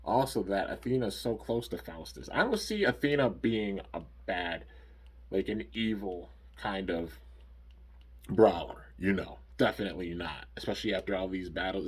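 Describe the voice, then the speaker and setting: A man's voice: sits low, slightly rough. A man giving a casual, rambling recap of a cartoon episode, full of "like" and "you know". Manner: rambling, filler-heavy, frequent "like" and "you know". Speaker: anime episode reviewer.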